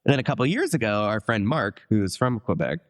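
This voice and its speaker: A man with a very low voice chats casually as a podcast co-host. He rambles through long, enthusiastic explanations full of asides. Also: sing-song, fast. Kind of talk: casual chat.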